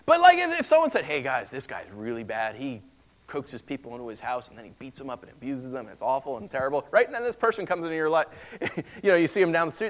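A man preaching a sermon in a conversational, animated way, acting out the voices he quotes. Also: mid-range voice, quick pace.

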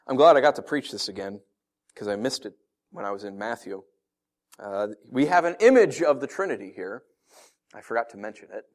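A pastor preaching a casual, earnest sermon, often pausing with fillers. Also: male voice, mid-range voice, expressive. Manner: conversational, filler-heavy, earnest.

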